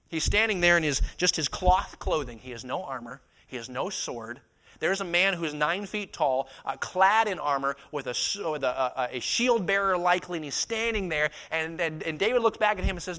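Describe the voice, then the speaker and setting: A man in his twenties preaching a sermon, moving from quiet reflection to loud, impassioned passages and acting out biblical dialogue in his own voice. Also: sits high, lively intonation, fairly quick. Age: 20s.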